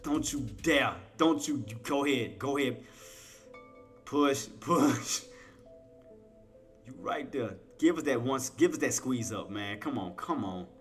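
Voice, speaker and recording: A man streaming live trading commentary, coaxing and trash-talking the chart, shifting between low muttering and loud playful outbursts. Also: slow, pauses often, faint music behind. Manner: coaxes and taunts the price chart, swinging from muttering to loud outbursts; playful trash talk with laughter.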